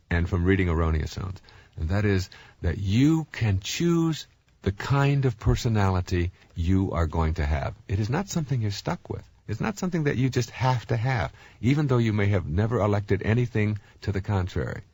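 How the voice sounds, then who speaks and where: Middle-aged man, low voice, swooping intonation, self-help talk, close dry recording. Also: no echo. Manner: animated storytelling, many fillers and restarts.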